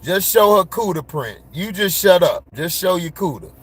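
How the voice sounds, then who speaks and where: A man's voice: high-pitched, big pitch swings, normal speed, husky. A man ranting casually to his viewers, blunt and full of slang, laughing and getting worked up. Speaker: vlogger.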